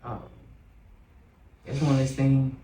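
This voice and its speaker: A man's voice: mid-range voice, steady tone, dark tone, roomy sound, recorded from a distance, rough recording. A man with a Southern American accent, a guest singer, telling his story in an earnest, open and reflective way. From Southern United States. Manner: earnest and open, slow and reflective, with some hesitant "um"s. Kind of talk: candid personal storytelling.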